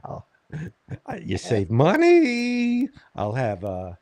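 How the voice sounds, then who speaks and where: A man voicing a pushy, freeloading male comedian in a high, nasal whine while ordering food. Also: huge pitch swings, very slow, a little mellow, no echo, exaggerated voice. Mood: wheedling.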